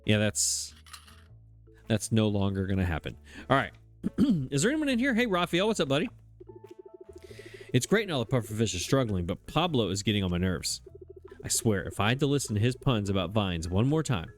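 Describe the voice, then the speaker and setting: A man gives casual, joking gameplay commentary, his pitch bouncing lively up and down as he laughs at himself. Faint game music plays underneath. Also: moderate pace, pauses often. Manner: jokey, self-deprecating, laughs often. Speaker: let's play host.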